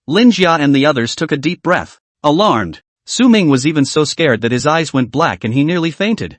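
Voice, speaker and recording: Lively man narrating a comic recap. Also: on the high side, normal speed, few pauses, no room sound. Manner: dramatic, clipped exclamations. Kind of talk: scripted story recap narration.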